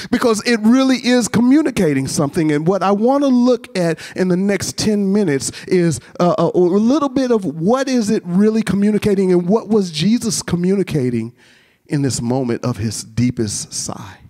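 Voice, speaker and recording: Guy preaching in a chapel, pretty high voice, animated storytelling, keeps acting out little voices. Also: normal speed. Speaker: chapel speaker. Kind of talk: sermon. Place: college chapel with a masked audience.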